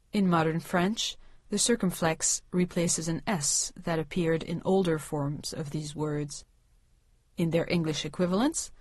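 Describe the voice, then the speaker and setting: A woman giving scripted narration for a language course, with clear, measured enunciation that slows down for pronounced example words. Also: sits low, dry recording.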